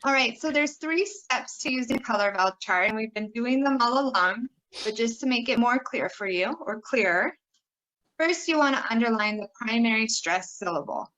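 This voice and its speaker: A woman teaching pronunciation, modelling vowel sounds and words with slow, exaggerated care. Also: a little high, expressive, a bit bright, dull audio. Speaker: pronunciation instructor. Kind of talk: recorded teaching video.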